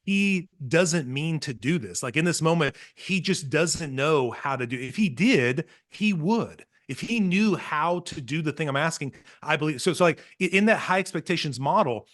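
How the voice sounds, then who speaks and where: A man guest on a podcast, telling parenting stories with earnest, animated energy and acting out what others said. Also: fairly high pitch, normal speed, hardly any pauses. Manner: earnest, animated storytelling, acts out quotes. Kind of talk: casual podcast conversation.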